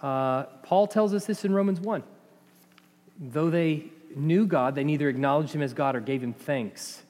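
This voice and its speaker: Man, high voice, pastor, preaching, conversational and animated, long hall reverb. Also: normal speed. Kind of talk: sermon.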